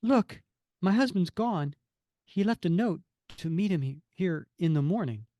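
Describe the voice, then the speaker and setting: A man's voice: high voice, expressive, unhurried, dark tone, dry recording, voice pushed up. A man reading the lines of a frightened wife from a comic, in an anxious, pleading way.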